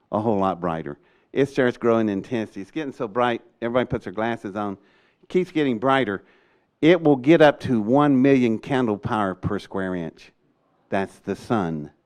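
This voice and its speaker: Older male storyteller, animated and chatty, laughs his way through the tale, mid-pitched. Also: clear, resonant tone. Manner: lively, laughs often, acts out quoted people. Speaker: speaker recounting a rocket test.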